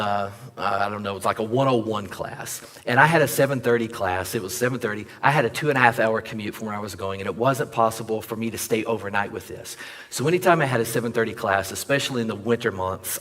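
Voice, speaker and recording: Animated male preacher in a reverberant hall. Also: on the low side. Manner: animated storyteller acting out dialogue, jokes with the audience. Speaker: pastor. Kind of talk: sermon storytelling. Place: church sanctuary.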